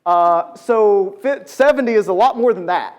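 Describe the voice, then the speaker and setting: Speaking at normal speed in a high-pitched voice, a man teaches a group a conversational Bible lesson inside a large church room. He stays animated throughout, putting questions to the audience and dramatizing quotes.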